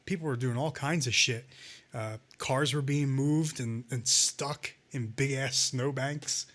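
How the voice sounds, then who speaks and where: A man's voice: medium pitch, unhurried, fairly bright tone. A man co-hosting a casual talk show, ranting sarcastically and swearing often. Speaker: podcast co-host. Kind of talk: casual profane chat.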